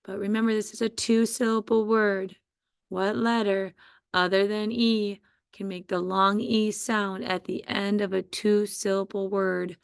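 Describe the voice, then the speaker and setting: A woman's voice: medium pitch, flat delivery, measured pace, creaky, clean tone, no room sound, studio quality. A woman teaching a phonics spelling lesson to children, patiently sounding out letters and syllables one at a time.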